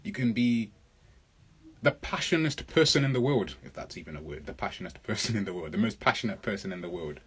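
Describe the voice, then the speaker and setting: A man's voice: lowish voice, animated, a little fast, a bit bright, slightly rough. A man coaching public speaking in a live question-and-answer lesson, talking emphatically, repeating his points and answering viewers' comments.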